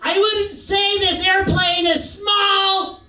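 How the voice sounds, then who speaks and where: A man doing an impression of a screechy, shouting male comedian, in an echoey club. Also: extremely high pitch, flat delivery, slow pace, pitched above the performer's own voice, exaggerated voice. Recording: echoey club, mic from far off.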